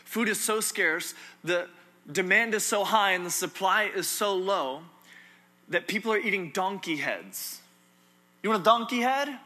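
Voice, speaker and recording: Bright, emphatic male preacher. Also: sits high, unhurried. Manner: animated, repetitive, emphatic with humor. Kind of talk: sermon.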